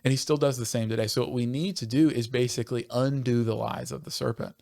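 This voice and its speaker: On a studio-quality church podcast with no echo, a pastor speaks in a medium-pitched, steady voice that is gravelly and darkish. Earnest and passionate, he speeds up when stirred and keeps cutting himself off to begin sentences again.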